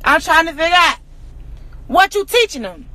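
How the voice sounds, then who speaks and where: High, bright, fiery woman ranting. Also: expressive, normal speed, no room sound. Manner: profane, confrontational, repetitive rhetorical questions. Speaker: social media personality. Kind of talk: angry rant to camera.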